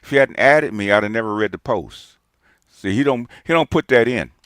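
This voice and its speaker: A man's voice: medium pitch, animated, a little fast, fairly bright tone, no echo. A combative man talking over a clip he is reacting to, his voice swinging widely up and down as he presses his point. He repeats his challenges and scoffs with short laughs. The sound is dry and close, with little room to it. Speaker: channel host reacting to a clip.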